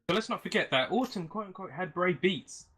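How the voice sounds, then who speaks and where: A man's voice: high-pitched, expressive, fairly quick, a crowd in the background. A man co-hosting a podcast, arguing his point in an indignant, insistent way. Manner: indignant, argumentative, driving his point home. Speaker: podcast co-host. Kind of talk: casual chat.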